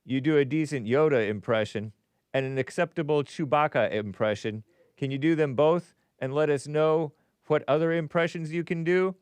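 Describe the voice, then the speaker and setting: A man's voice: medium pitch, moderate pace, clear, resonant tone, dry recording. A man hosting a casual livestream show, reading viewer messages aloud and answering them in a chatty way, laughing often and muttering asides under his breath.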